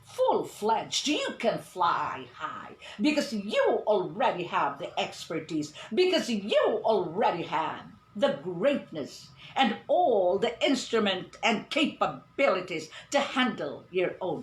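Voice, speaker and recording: A woman's voice: mid-range voice, wildly swooping pitch, slow, few pauses. A woman teaching an English lesson in an online radio-style class, emphatic and repeating "no, no" to correct habits. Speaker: English tutor. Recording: echoey room with faint ambient noise.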